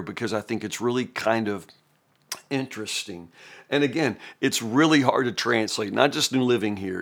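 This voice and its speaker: A man's voice: lowish voice, fairly bright tone. Man thinking aloud over scripture. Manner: conversational and thinking aloud, with frequent restarts and "you know". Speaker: host of a daily Bible reading podcast. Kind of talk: casual spoken Bible commentary.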